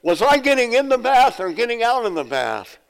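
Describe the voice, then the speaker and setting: A man voicing a forgetful ninety-six-year-old sister who calls out in a high voice. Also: big pitch swings, normal speed, creaky, poor audio. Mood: confused.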